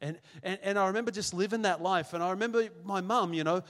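A man's voice: high-pitched, fast talker, a bit bright. A middle-aged man preaching a sermon as pastor, emphatic, repeating his phrases, with self-deprecating humor. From Australia. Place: church hall. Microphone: handheld microphone. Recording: long church-hall reverb.

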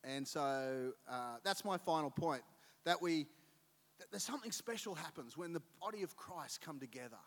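A middle-aged man preaching a sermon as a pastor, telling stories in an animated way and acting out voices. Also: on the high side, moderate pace. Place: church auditorium. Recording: long reverb of a church hall.

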